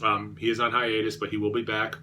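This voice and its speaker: A man's voice: fairly low pitch, completely flat delivery, a little fast, pushed and bright, a little hiss or hum. A man reviewing beer on his vlog, rambling and self-deprecating, with many fillers and restarts.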